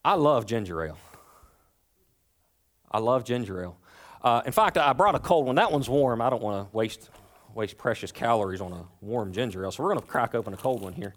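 A man in his thirties preaching a sermon in a church, talking in a relaxed, conversational way, with playful asides and frequent restarts. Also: medium pitch, normal speed. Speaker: pastor.

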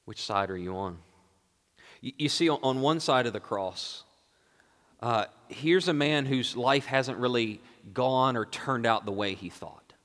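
A male pastor preaching a sermon, moving between hushed, quiet lines and raised, emphatic passages. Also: mid-range voice, unhurried, in a large hall.

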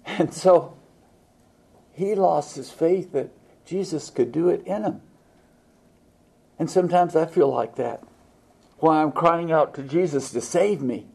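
A man preaching a sermon in a folksy, halting way, with frequent fillers and restarts. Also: on the high side, creaky, darkish tone, slightly rough. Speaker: pastor.

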